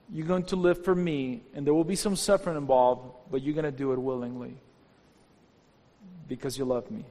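A man's voice: medium pitch, dark tone. A man preaching a sermon as pastor, fervent and rising into exhortation. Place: church hall. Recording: long hall reverb with faint music.

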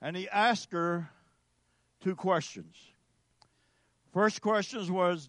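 A man preaching a sermon as a pastor, slow and emphatic with dramatic pauses. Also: high-pitched, no echo, clean studio sound.

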